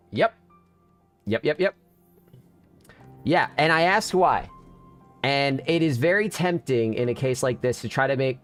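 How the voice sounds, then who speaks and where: A man streamer in casual live-stream chat, venting candidly to his viewers with frequent restarts. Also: mid-range voice.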